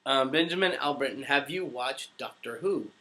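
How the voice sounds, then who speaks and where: In a pushed, bright mid-range voice at a moderate pace, a young man answers live chat as a voice actor. He keeps it casual, reading out questions from viewers and frequently laughing.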